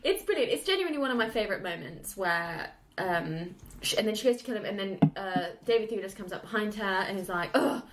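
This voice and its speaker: Animated woman host, echoey room. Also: mid-range voice, fast talker, few pauses. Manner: animated, swears freely, acts out quotes. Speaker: podcast host. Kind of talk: casual film chat.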